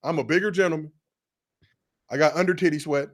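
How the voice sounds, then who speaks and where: A man in his forties co-hosting a casual sports livestream, joking and giving shout-outs to the chat. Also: a little high, fairly even intonation, fairly quick, no echo. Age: 40s. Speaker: co-host.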